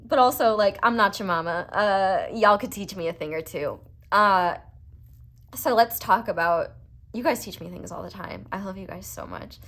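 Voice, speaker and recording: A woman's voice: mid-range voice, normal speed, fairly bright tone. Rambling young woman reading tarot. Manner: rambling, filler-heavy, earnest. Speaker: tarot reader.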